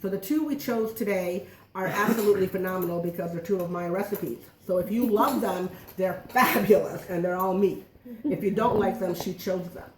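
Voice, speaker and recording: A woman's voice: medium pitch, fairly quick, recorded from a distance, crowd noise. A middle-aged woman giving a chatty, joking cooking demonstration to a small audience in a home kitchen. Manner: joking, self-deprecating, chatty. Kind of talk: live cooking demo patter. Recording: echoey room, voice from afar.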